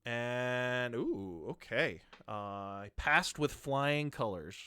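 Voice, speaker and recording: Bright-voiced, laughing game master. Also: male voice, medium pitch, lively intonation, slow pace, clean tone. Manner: laughing often, with many fillers and restarts. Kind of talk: narrating a tabletop game.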